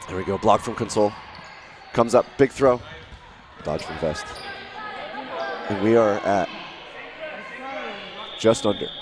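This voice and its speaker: A man giving live play-by-play commentary, rising to shouts at big plays. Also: fairly low pitch, measured pace, long pauses, crowd noise. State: out of breath.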